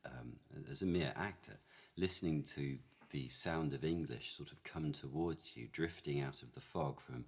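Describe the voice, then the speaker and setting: Male actor guest, modified RP accent, very low husky voice, enthusiastic talker. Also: normal speed. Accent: modified Received Pronunciation. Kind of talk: casual podcast discussion.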